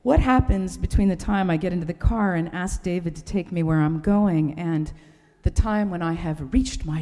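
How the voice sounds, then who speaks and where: A woman's voice: fairly low pitch, warm tone, in a large hall. A woman delivering a sermon, telling a wry, humorous story in a church. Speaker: preacher.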